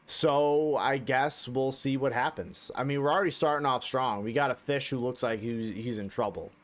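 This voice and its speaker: A man's voice: medium pitch, normal speed. Profane joking male game streamer. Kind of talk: casual live-stream commentary.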